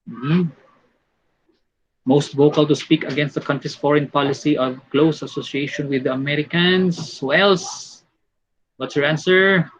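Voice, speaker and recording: A man with a Filipino accent teaching an online exam review class. He switches languages and uses many fillers, and he explains slowly and reads examples aloud. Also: on the high side, fairly even intonation, breathy edge. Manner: switches between English, Tagalog and Cebuano with many fillers. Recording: dull lo-fi audio.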